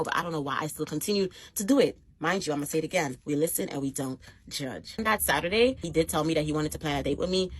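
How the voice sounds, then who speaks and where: A young woman vlogger telling a dating story in casual chat, animated and acting out quotes. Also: deep voice, slightly rough. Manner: animated, acts out quotes loudly.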